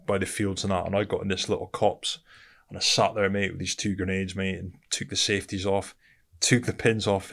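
A British man with a low voice and vocal fry tells his story as a podcast guest. He's blunt and candid, swears often, and calls the host "mate."

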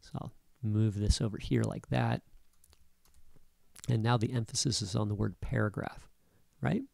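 A man's voice: lowish voice, fairly even intonation, normal speed, vocal fry, a little mellow, no room sound. A man giving a casual screen-recorded coding lesson, checking in with "right?" and "okay?" as he explains. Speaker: instructor.

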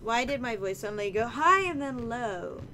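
A woman casually commentating her gameplay, excitable and playful, whooping and using slang. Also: a little high, normal speed, slight background noise. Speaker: let's play gamer.

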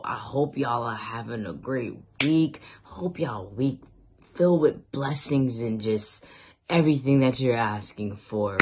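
A woman's voice: extremely low pitch, a little hiss or hum. A woman giving an emphatic, slangy motivational talk, cursing freely as she urges listeners on. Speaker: motivational speaker.

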